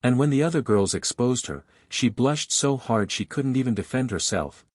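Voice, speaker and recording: A man narrating a first-person romance story in a flowing, steady manner, carrying long run-on sentences. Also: medium pitch, normal speed, no echo, studio quality.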